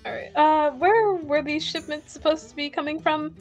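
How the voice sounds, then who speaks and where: A woman's voice: high voice, steady tone, moderate pace, faint music behind. A woman player in a tabletop game, talking casually and partly in character, playful and laughing.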